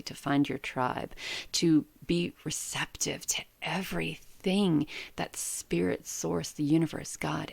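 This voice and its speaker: A woman's voice: sits low, creaky, no room sound. A woman in her fifties giving a blunt, earnest tarot forecast and swearing for emphasis. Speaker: tarot reader.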